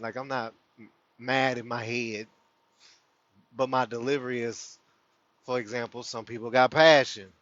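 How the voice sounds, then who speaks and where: A man's voice: medium pitch, a bit bright, dry recording. A man hosting a spiritual livestream, talking loosely to his viewers and laughing often. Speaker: host of a spiritual community livestream. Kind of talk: casual spiritual talk to viewers. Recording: dull lo-fi sound.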